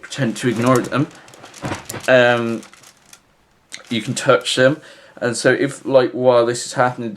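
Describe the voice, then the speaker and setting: Male vlogger, lowish voice, deadpan rambling advice full of fillers. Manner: rambling, halting, filler-heavy; flat, matter-of-fact. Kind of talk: deadpan comic advice vlog.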